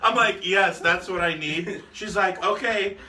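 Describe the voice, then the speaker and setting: A man's voice: high-pitched, measured pace. A man co-hosting a podcast, telling a long story casually and laughing often. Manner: laughing often while telling a story, doing quoted voices. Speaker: podcast co-host. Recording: roomy, distant mic with loud noise.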